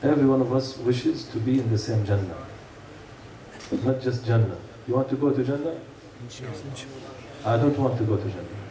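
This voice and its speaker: A man's voice: medium pitch, normal speed, long pauses, crowd noise. A man giving an earnest sermon, asking rhetorical questions and telling stories to a congregation. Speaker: preacher. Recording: echoey room, mic far off, faint hum.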